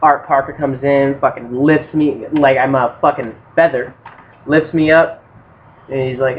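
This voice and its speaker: A man's voice: medium pitch, unhurried. A young man co-hosting a podcast, casually swearing as he retells old fight memories. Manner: laid-back, profane, retelling fight memories. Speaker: podcast co-host. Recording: tinny phone-like audio with faint hiss.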